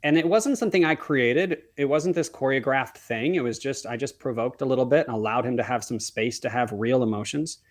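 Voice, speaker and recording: This man, a wedding photographer on a podcast as a guest, speaks in a mid-range voice, briskly and with hardly any pauses. His storytelling is earnest, full of restarts and self-corrections, and he performs the dialogue he remembers.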